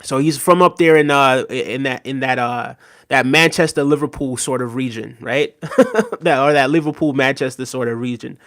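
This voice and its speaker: A man's voice: mid-range voice, steady tone, moderate pace, a bit bright, no room sound, clean studio sound. Earnest man hosting a live chat stream. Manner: earnest, repeats "right?", thanks chatters by name. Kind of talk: casual live chat commentary.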